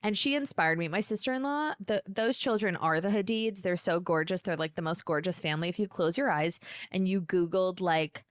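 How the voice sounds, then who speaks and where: Profane, animated woman podcast host. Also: on the low side, brisk, clean tone, no echo, clean studio sound. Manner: animated, profane, mimics people in quoted bits. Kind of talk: solo comedic storytelling.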